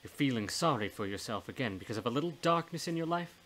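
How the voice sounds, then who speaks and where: A man's voice: medium pitch, expressive, quick pace, fairly bright tone, a little hiss or hum, close to an everyday voice. A man voicing a blunt, folksy older woman's ghost in a storybook reading, with a plain-spoken, scolding manner.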